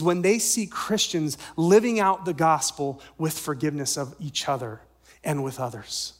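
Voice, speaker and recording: A man's voice: fairly high pitch, normal speed. Man preaching with dramatic dynamics. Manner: dynamic preaching, swings from loud emphasis to soft near-whispers; asks the congregation rhetorical questions. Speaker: pastor. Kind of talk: sermon.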